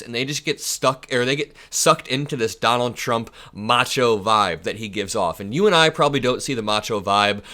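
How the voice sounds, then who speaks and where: A man in his twenties giving casual political commentary in a quick, sarcastic and opinionated way. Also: mid-range voice, sharp tone. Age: 20s.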